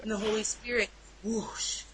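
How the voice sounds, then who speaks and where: A woman's voice: a little high, lively intonation, fairly quick, very noisy. A woman telling a personal story in a casual interview, candid and emotional, blunt at times.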